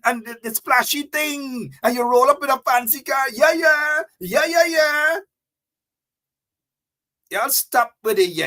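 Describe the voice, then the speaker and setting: A man's voice: very high-pitched, bright, forceful tone. A man with a Guyanese accent hosting a live talk show, preachy and repetitive, calling out his viewers by name. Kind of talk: impassioned live-stream commentary.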